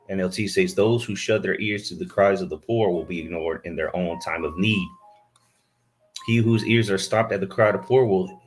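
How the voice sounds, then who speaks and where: A man preaching a fiery sermon, scolding his listeners and reading scripture aloud into a camera he set up himself. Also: low-pitched.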